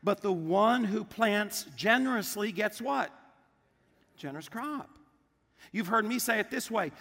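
Bright high-voiced preaching pastor. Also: male voice, gravelly, big-room sound. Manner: emphatic call-and-response preaching. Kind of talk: sermon.

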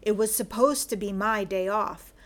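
A woman voicing a gruff, grumbling Scottish man adrift in a story, with a Scottish accent and self-mocking mutter. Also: medium pitch, fairly even intonation, normal speed, close to an everyday voice. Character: gruff Scottish male sea detective, grumbling. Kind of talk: audiobook character reading.

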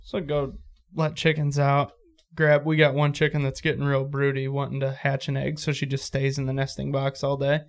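A man's voice: mid-range voice, monotone, normal speed. A man co-hosting a casual podcast, telling stories in an easygoing way and swearing freely. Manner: easygoing, swearing, story-driven. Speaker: podcast co-host. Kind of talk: casual storytelling in podcast chat.

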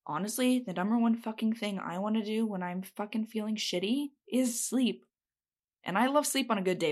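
A woman talks straight to her viewers in a casual advice vlog, with a voice of ordinary middle pitch. She is blunt and feisty, swears freely and hammers home her points. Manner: feisty, emphatic. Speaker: vlogger giving advice. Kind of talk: casual self-help talk to camera.

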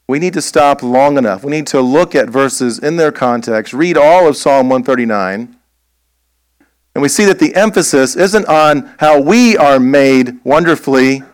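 A man preaching a sermon as pastor, slow and emphatic, posing rhetorical questions. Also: medium pitch, lively intonation, clear, resonant tone, dry recording.

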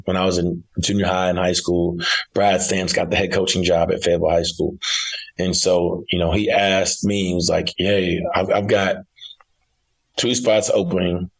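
A man's voice: low-pitched, rough recording. A young man from Arkansas, a college basketball coach telling his career story in a casual interview, often repeating and restarting his words. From Arkansas, United States.

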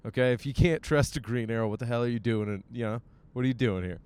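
A man's voice: mid-range voice, fast talker, darkish tone, clear, resonant tone. A man hosting a podcast, rambling casually from his car as he drives. He makes self-mocking jokes and swears a lot. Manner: jokey and self-mocking, with frequent swearing and silly voiced asides. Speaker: podcast host. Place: in a car while driving.

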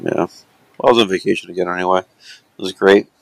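A man's voice: deep voice, steady tone, fast, creaky, no echo, rough recording. A man chatting casually as a podcast co-host, rambling loosely with lots of fillers and asides. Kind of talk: casual chat.

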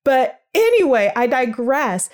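A woman giving an educational podcast talk on early speech, demonstrating sounds aloud in a lively way and addressing her listeners affectionately. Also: sits high, a little slow. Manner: calls listeners sugars and world changers.

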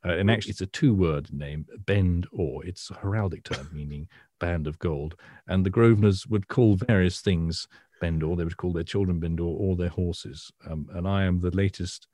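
A British man co-hosting an art podcast, explaining paintings in a self-deprecating, hesitant way with many pauses. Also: sits low, mellow, no echo, studio quality. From Britain. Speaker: podcast co-host, art historian. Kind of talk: casual chat.

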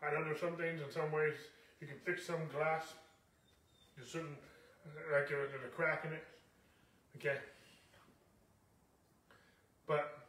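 High-voiced man preaching in an echoey room. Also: a little slow, long pauses, fairly bright tone, far from the mic. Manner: emphatic, repetitive preaching with many "okay?" asides. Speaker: pastor. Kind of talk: sermon.

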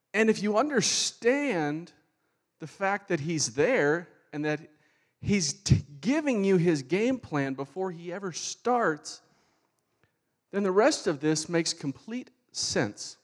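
A man preaching a sermon with animated, fervent delivery. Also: sits high, takes it slowly. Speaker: pastor.

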